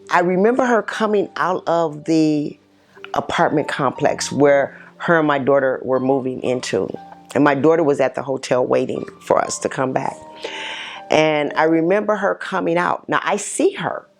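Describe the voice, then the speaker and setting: A middle-aged woman, a mother, giving a halting personal testimony full of pauses and restarts. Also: sits low, vocal fry. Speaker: mother telling her personal story.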